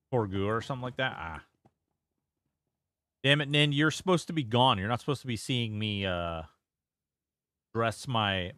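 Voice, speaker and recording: Guy streaming a game, low voice, rambly and reactive, swears a lot, dry close mic. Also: a bit bright, no echo. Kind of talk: casual live-stream gameplay commentary.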